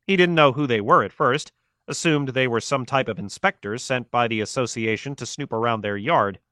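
A male audiobook narrator with a bright, mid-range voice reads scripted narration at a moderate pace. The studio recording is clean, without any room sound.

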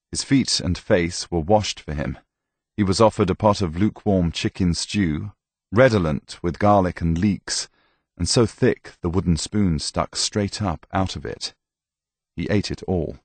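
A man reading a novel aloud with measured, even storytelling, close to the mic. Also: low voice, no echo. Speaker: audiobook narrator. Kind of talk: scripted narration.

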